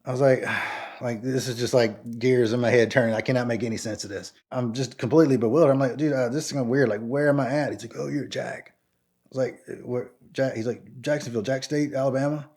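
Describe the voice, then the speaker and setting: A middle-aged man from Georgia telling a personal anecdote casually, acting out dialogue with jumps in his voice and lots of "like" and restarts. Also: fast. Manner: animated, acts out both sides of dialogue with pitch jumps; frequent "like" and stammered restarts. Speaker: storyteller guest.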